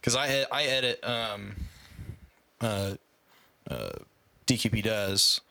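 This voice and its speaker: A man's voice: lowish voice, slow pace, vocal fry, bright, forceful tone. A man hosting a casual podcast chat, rambling with many fillers. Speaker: podcast host and editor.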